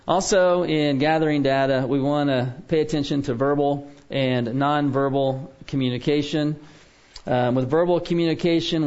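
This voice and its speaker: A man's voice: mid-range voice, darkish tone. Lecturing man on a dull lo-fi recording. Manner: conversational, checks in with "okay?" often. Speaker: biblical counseling teacher. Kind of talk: classroom lecture.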